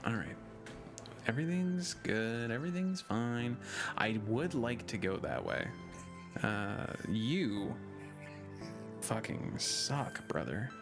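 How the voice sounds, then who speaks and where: This young gaming streamer gives casual commentary as he plays, joking, giggling, and mocking himself. His mid-range voice swings widely in pitch and moves slowly, with music playing underneath.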